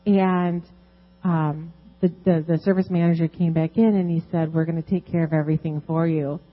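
A woman sharing a personal testimony at a church service on a handheld mic, halting with many ums, earnest and emotional. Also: lowish voice, fairly even intonation, phone-quality sound. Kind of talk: unscripted testimony.

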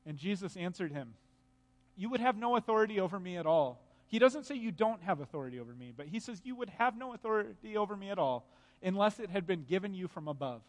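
A man's voice: high-pitched, lively intonation, quick pace, in a large hall. A man preaching a sermon, reading scripture aloud and explaining it with earnest emphasis and pointed rhetorical questions.

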